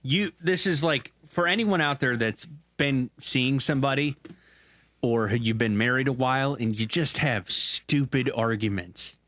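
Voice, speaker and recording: A man's voice: medium pitch, unhurried, fairly bright tone, no echo. A man co-hosting a sports podcast, chatting casually and reading a card aloud. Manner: easygoing, reading aloud and joking. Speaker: podcast producer and co-host.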